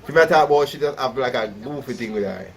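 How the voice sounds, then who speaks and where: A man with a Jamaican accent giving chatty, animated reaction commentary, often asking "you see me?". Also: medium pitch, fast, creaky, a crowd in the background. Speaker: reaction video host.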